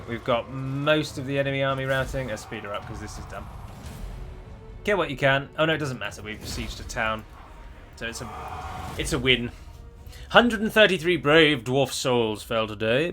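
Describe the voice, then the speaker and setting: A man's voice: medium pitch, expressive, normal speed, a bit bright, faint music behind. A man commenting on his own strategy game, chatty and wry, asking his units what they are doing. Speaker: gameplay commentator.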